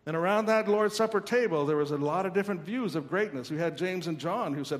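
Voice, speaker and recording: A man in his thirties preaching a sermon as pastor, earnest and emphatic with pauses, in a large church. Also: high voice, big-room sound.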